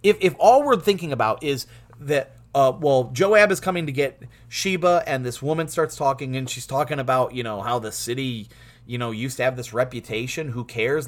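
A man teaching through a Bible passage in a lively way, laughing often and restarting his words. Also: mid-range voice.

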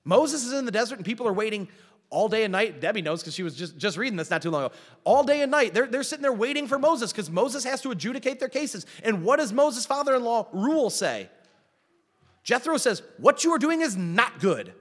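A man preaching from the pulpit, his high voice swooping up and down through wide, lively swings of pitch. He keeps pressing the congregation with rhetorical questions and tosses in wry, self-deprecating asides. The sound rings with the long reverb of a large hall. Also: brisk, slightly rough. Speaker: pastor. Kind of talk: sermon.

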